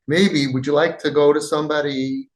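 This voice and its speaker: A man with a somewhat high voice gives fervent parenting advice, punching some words loudly and dropping others to near a murmur. He acts out little bits of dialogue as he talks, and the room around him rings with echo. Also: little pitch movement, moderate pace. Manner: emphatic, acts out quoted dialogue, swings between loud and soft. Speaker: parenting podcast host. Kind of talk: impassioned advice talk. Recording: echoey room.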